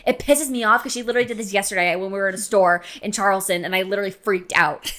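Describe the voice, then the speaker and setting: A woman's voice: medium pitch, quick pace. Rambling young woman, chatty podcast guest. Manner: animated, rambling, fills with "like". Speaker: podcast guest, host's best friend. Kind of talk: casual chat. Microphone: podcast mic.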